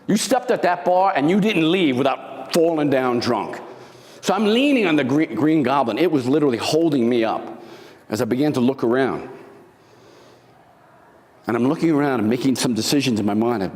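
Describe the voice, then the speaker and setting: A man's voice: mid-range voice, animated, normal speed, a little mellow. A middle-aged man giving a motivational talk to a live audience, telling a dramatic story and acting out the lines he quotes. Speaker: motivational speaker. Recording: long hall reverb.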